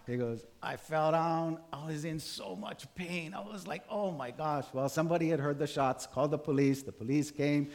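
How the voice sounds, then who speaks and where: A man in his sixties from Hawaii, a pastor telling a story in a relaxed, conversational sermon with many fillers. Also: mid-range voice.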